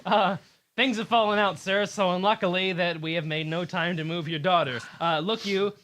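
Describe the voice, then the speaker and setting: A man's voice: high-pitched, fairly even intonation, normal speed, fairly bright tone. A man reading a blustering noble father. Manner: stumbling, theatrical read. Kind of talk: comedic Shakespeare table read.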